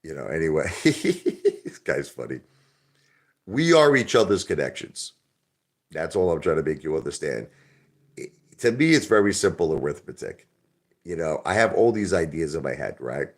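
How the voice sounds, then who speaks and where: Deep-voiced man rambling on a livestream. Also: sing-song, moderate pace. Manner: rambling, street-talking, calls people brother. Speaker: livestream host. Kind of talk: casual livestream chat with viewers.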